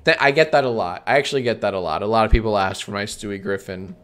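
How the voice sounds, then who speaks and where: A man streaming a comedy bit, bantering with himself in a deadpan, sarcastic way and swearing often. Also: on the low side, fast, clear, resonant tone.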